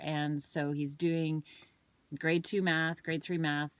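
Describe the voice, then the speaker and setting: A woman's voice: low-pitched, little pitch movement, takes it slowly, no echo. A woman, a parent and wellness coach, chatting casually and telling a story, with some restarts and ums. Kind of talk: casual chat to camera.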